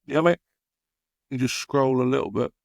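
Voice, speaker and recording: Male co-host with a gravelly voice, loose and self-deprecating, mid pitch. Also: moderate pace, no room sound, studio quality. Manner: easygoing, stumbles over names, self-deprecating. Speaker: co-host of a darts podcast. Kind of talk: casual chat.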